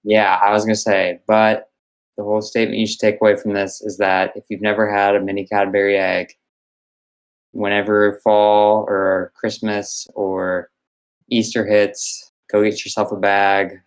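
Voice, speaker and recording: A man's voice: fairly low pitch, completely flat delivery, moderate pace, poor audio. A young man co-hosting a podcast, talking earnestly and enthusiastically in casual chat. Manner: earnest, enthusiastic about snacks. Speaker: podcast co-host.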